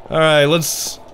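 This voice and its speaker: A man hosting a let's play, giving sarcastic, excitable commentary as he plays a horror game. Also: fairly high pitch. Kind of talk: casual gameplay commentary.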